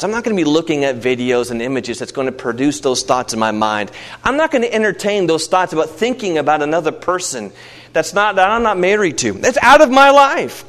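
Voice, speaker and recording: A man preaching with a voice pitched a little high. He swings between emphatic, climbing peaks and low, quiet passages, and he slips into everyday voices to act out short asides. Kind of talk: sermon.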